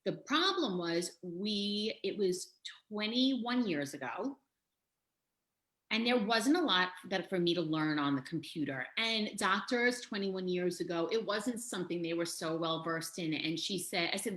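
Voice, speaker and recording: A middle-aged woman, a health and life coach, telling her story as a podcast guest in a lively, laughing way. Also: on the low side, a little slow. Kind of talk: casual interview storytelling. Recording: echoey room.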